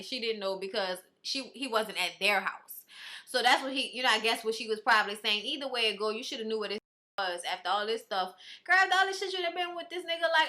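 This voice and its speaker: A woman's voice: on the high side, bright, forceful tone. A woman recapping a reality show in a casual, blunt and profane way.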